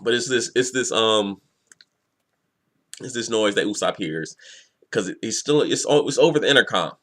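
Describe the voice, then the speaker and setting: A man giving a casual, profane, animated manga review. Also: lowish voice, moderate pace.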